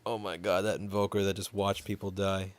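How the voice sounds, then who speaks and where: A man's voice: low voice, level tone, fairly quick, noisy background. A man chatting casually on a livestream in a rambling way, reading chat and cooing at his cat.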